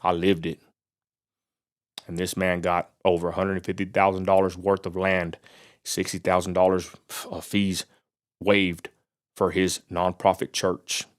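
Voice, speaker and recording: A man's voice: low-pitched, little pitch movement, a little slow. Fired-up Texan man ranting. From Texas. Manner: fired-up preacher-like rant with Southern "y'all". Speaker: vlogger. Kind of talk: angry ranting vlog. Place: outdoors near a roadside lot.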